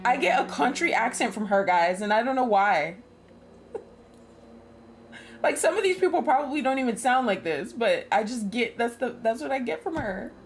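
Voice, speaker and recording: A woman's voice: fairly high pitch, lively intonation, normal speed, slight background noise. A woman streaming a game, chatting casually with frequent laughs and free swearing. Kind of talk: casual gameplay commentary.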